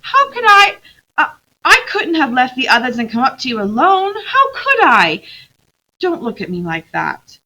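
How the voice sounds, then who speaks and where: A woman's voice: unhurried, exaggerated voice, low-quality recording. A woman doing an eager, pleading young girl. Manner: pleading, high and excited.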